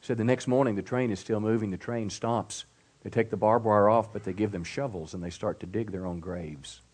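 A middle-aged man preaching a sermon as pastor at a church service, emphatic with "come on" call-outs and hushed storytelling. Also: fairly low pitch, steady tone, fairly quick, husky.

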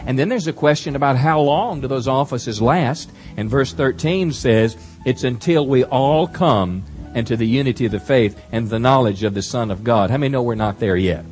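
A man's voice: mid-range voice, moderate pace, hardly any pauses, a little mellow. Pastor guy preaching, earnest, going verse by verse, faint music under him. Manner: earnest, reads scripture verse by verse. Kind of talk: sermon.

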